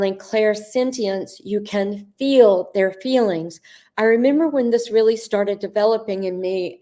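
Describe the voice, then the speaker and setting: A middle-aged woman hosting a live Q&A on spiritual coaching, speaking earnestly and addressing viewers by name, with drawn-out, emphatic phrasing. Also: mid-range voice, darkish tone. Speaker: host answering viewer questions.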